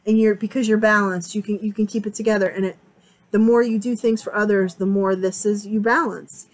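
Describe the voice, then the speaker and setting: A woman's voice: mid-range voice, fairly even intonation, a little fast, rough recording. A woman giving a casual, rambling tarot reading at home, chatty and prone to repeating herself. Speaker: tarot reader. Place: home, sitting on a couch area with a fan on.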